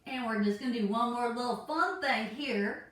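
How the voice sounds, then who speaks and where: A woman's voice: on the high side, normal speed, fairly bright tone, slight background noise. Playful woman leading yoga. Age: 40s. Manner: goofy, laid-back, playful asides. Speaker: yoga instructor. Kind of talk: joking yoga class. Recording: echoey room, mic far off.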